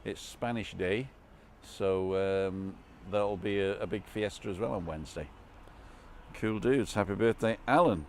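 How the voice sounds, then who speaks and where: An older man chats loosely to his viewers from a bar terrace, circling back over his words with restarts and asides. His voice sits fairly low. Faint outdoor background noise runs under the recording. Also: measured pace. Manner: rambling, chatty, many restarts and asides. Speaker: live-stream vlogger. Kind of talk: casual live-stream chat reading comments.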